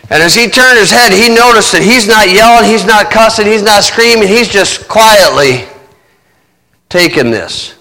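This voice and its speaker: A male preacher telling a vivid story in a sermon, speeding up and slowing down. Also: high voice, pushed and bright, big-room sound, rough recording. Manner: vivid storytelling, shifting pace.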